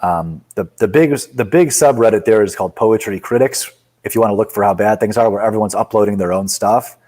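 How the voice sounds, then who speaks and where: A man's voice: on the low side, brisk, a little mellow, low-quality recording. A man, a poet and author, talking bluntly and with strong opinions as a guest in a casual interview.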